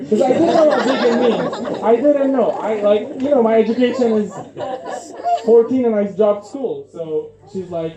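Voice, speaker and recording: High-voiced young man doing stand-up. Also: animated, moderate pace, warm tone. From Syria. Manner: loose, chatty delivery with many fillers. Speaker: stand-up comedian. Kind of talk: stand-up comedy set. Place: comedy club stage. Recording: echoey room, poor audio.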